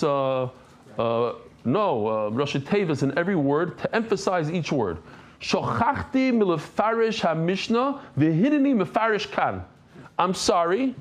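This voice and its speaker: Animated middle-aged rabbi teaching Talmud. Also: male voice, fairly high pitch. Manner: animated and conversational, mixing Hebrew and Aramaic terms into English, quick asides. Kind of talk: lively Talmud lesson.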